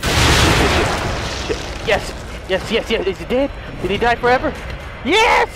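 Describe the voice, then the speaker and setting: A man giving frantic gaming commentary, swearing and yelling in panic, repeating himself as he plays. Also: high-pitched. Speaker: video game let's player. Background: game music.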